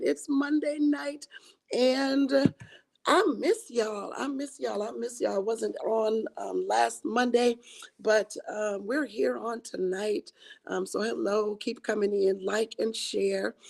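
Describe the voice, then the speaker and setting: A woman hosting a church women's livestream, her voice raspy and tired from singing, talking in an encouraging way with many fillers and restarts. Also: a little high. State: hoarse from singing. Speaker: host of a women's ministry livestream.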